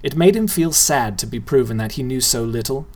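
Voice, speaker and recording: A playful storyteller reading a novel aloud and speaking straight to the listener. The voice rises and falls with lively, musical phrasing. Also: mid-range voice, fairly quick.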